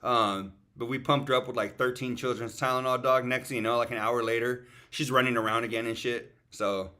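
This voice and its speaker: A man in a loose, profane podcast chat, full of slang and calling people "dog" as he rambles. His pitch sits in an ordinary middle range for a man. He streams from the road, away from home. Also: fairly even intonation, a little fast, bright, forceful tone. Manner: slangy, swears a lot, calls people "dog". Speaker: podcast co-host. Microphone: streaming setup.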